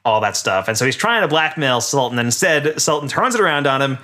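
Laughing bright-voiced man recapping a movie. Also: mid-range voice, sing-song, fast. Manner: laughs often, loose and rambling. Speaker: podcast co-host. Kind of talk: casual movie recap chat.

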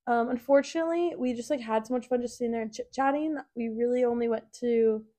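A woman's voice: on the high side, fast, dark tone. A young woman in her twenties co-hosting a podcast, telling stories in a chatty way with lots of fillers. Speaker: podcast co-host. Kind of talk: casual chat.

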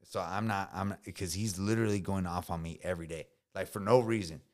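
A man's voice: deep voice, fast talker, a little mellow. A man in his thirties, a veteran guest on a podcast, telling stories in a casual, slangy way, often swearing and saying bro. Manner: slangy, says bro a lot, swears freely.

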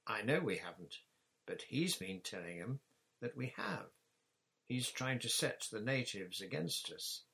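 A man's voice: fairly low pitch, expressive, measured pace, sharp tone, full character voice. Man voicing a solemn boy captain. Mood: earnest. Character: earnest boy captain, serious and commanding.

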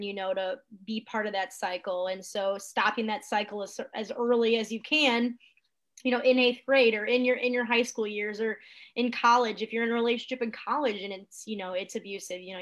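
A woman panelist speaking earnestly in a casual discussion, filling her talk with "you know". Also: a little high.

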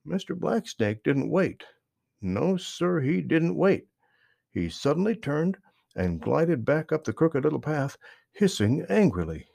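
Expressive male storyteller with a gravelly voice. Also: a little high, measured pace, no room sound, clean studio sound. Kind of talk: children's story narration.

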